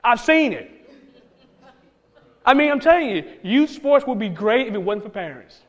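A man pastor preaching a conversational sermon to his church, with many restarts and bursts of excitement. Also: extremely high pitch, moderate pace, big-room sound. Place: church sanctuary.

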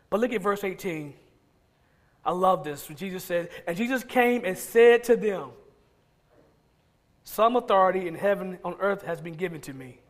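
A male pastor preaching a sermon, emphatic and repetitive, firing off rhetorical questions. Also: high voice.

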